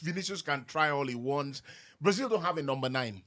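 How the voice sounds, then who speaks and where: A Nigerian man who works in radio, talking in a casual group chat, animated and repeating words as he builds up a point. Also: on the high side, brisk. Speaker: radio presenter.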